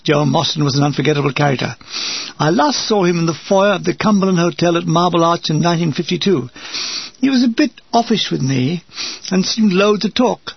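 An older man from England reading a war memoir aloud with a dry, wry comic delivery and a gravelly, husky voice. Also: high voice, dry recording, lo-fi sound. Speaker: narrator.

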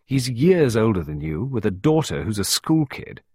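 A man's voice: lowish voice, very animated, moderate pace, dark tone, husky, no room sound, clean studio sound, pitched above the performer's own voice. A man reading an audiobook, voicing an earnest, lovesick young man who talks eagerly and a bit petulantly. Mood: needling.

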